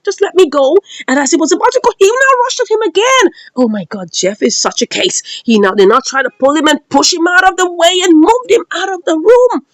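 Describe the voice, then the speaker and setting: A woman recaps a drama episode with dramatic flair, laughing and acting out the lines. Her voice is high and swoops widely from phrase to phrase, in a close, dry sound. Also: big pitch swings, brisk, hardly any pauses, no echo. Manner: dramatic, laughing, acts out the quotes. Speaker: series reviewer.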